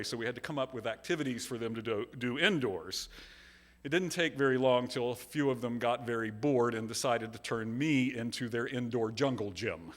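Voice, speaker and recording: A man's voice: medium pitch, fairly bright tone. A male minister giving a sermon, telling a story with earnest, self-deprecating humor. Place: large church sanctuary. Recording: long hall reverb.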